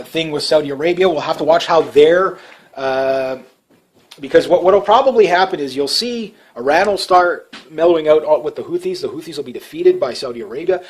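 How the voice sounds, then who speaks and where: A Canadian man rambling through casual commentary on his channel, full of fillers and restarts, his voice often trailing off quietly. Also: mid-range voice, rough recording. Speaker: vlogger.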